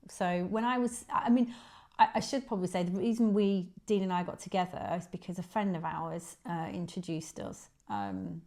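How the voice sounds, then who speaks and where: With a darkish voice on the low side, a Manchester woman in her forties chats casually and animatedly as a guest at a normal speed. She speaks with a Northern English accent, is self-deprecating, and uses lots of ums.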